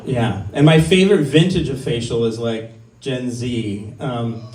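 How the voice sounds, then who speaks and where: A man's voice: mid-range voice, a little slow, darkish tone. A man in his fifties doing a stand-up set at an open mic, crude and self-deprecating, rambling with many ums. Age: 50s. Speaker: stand-up comic. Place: small comedy venue. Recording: roomy, mic heard from a distance.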